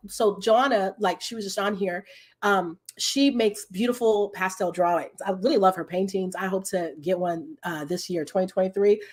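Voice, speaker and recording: A woman's voice: medium pitch, a bit bright. A woman business coach hosting a live stream, chatting casually and animatedly with her viewers and laughing often.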